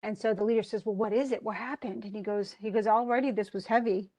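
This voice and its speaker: A woman teaching literature, retelling a tragedy and reading its lines aloud, with lively storytelling and many restarts. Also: mid-range voice, fast. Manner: animated storytelling, reads quoted lines aloud, frequent restarts. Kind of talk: lecture retelling a play.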